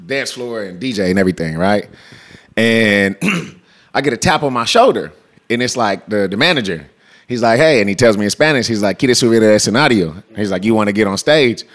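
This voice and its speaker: A man's voice: on the low side, lively intonation, moderate pace. A man in his thirties from California, telling stories as an interview guest in a casual, slangy way, laughing often. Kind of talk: casual storytelling.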